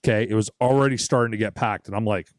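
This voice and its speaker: A man's voice: fairly low pitch, fast talker, dry recording, studio quality. A young man co-hosting a podcast, telling a long story in a casual, profane way and acting out other people's lines. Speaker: podcast co-host.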